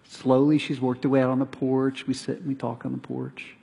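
A man's voice: medium pitch, fairly quick, vocal fry, breathy edge. A middle-aged man preaching as a pastor, telling stories and acting out the lines of the people in them. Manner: animated storytelling, acts out neighbors' lines. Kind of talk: sermon. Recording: reverberant hall.

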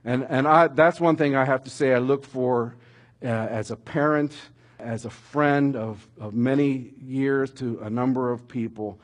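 A middle-aged man preaching a sermon, telling stories with animated emphasis that rises toward shouting at dramatic moments. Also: mid-range voice, a little slow. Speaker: pastor.

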